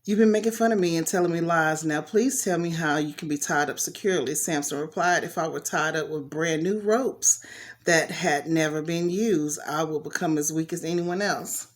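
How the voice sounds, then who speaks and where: A woman's voice: low voice, moderate pace. A woman reading a Bible story aloud in a casual way, stopping to comment on it in slangy asides. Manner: chatty, talks back to the story with slang asides.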